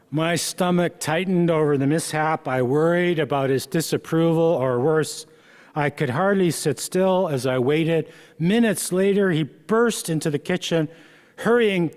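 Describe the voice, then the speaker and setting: A man, the author, reading aloud from his memoir in a slow, measured way with small stumbles. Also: fairly high pitch, a little mellow. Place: event hall. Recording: long reverb from a hall.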